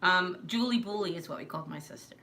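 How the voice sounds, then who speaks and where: A woman's voice: on the low side, fast talker, sharp tone, slight background noise. A middle-aged woman from New York hosting a casual live stream, chatty and rambling, laughing often. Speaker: live stream host, mother.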